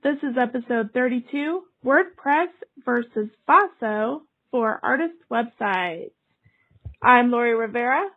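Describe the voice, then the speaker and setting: A woman with a high voice co-hosts a casual podcast, chatty and quick to giggle. She talks through her points loosely, trailing off and laughing along the way. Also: animated, phone-quality sound. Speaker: podcast co-host. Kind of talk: casual chat.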